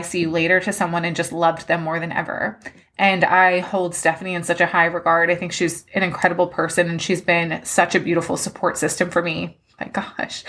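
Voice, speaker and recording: A woman's voice: lowish voice, a bit bright. A woman hosting a podcast, giving a personal life update in a heartfelt, openly emotional way, with a loose, rambling delivery full of "like.". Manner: rambling, with many "like" fillers. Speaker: podcast host.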